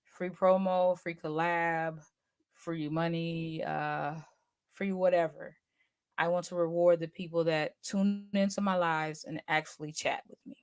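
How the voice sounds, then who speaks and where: A woman's voice: fairly low pitch, steady tone, a little slow, smooth. Chatty, slangy woman hosting a livestream. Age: 40s. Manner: chatty, slangy, teasing, talks straight to the chat. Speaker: livestream host. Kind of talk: casual livestream chat.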